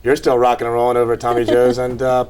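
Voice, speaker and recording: A man in his thirties hosting a casual late-night talk show, halting and repeating himself as he chats. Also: medium pitch, monotone, a little mellow, clean tone. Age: 30s.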